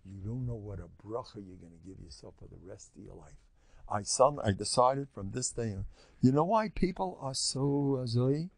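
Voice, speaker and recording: An older man, a rabbi giving a Torah lesson in an animated storytelling way, acting out quotes. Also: medium pitch, normal speed, creaky. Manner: animated storytelling, acts out quotes, mixes in Yiddish and Hebrew. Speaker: rabbi teaching a class.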